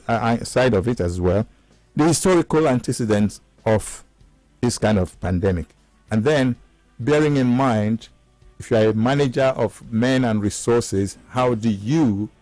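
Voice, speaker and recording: A man's voice: mid-range voice, darkish tone, no echo. A man hosting a live-stream interview, asking long questions full of restarts and asides. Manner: rambling, halting questions with many restarts. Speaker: host.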